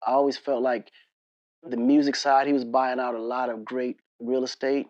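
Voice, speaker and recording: A man as an interview guest, telling casual, animated stories full of slang and laughter. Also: mid-range voice, moderate pace, no room sound, muffled recording. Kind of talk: casual storytelling conversation.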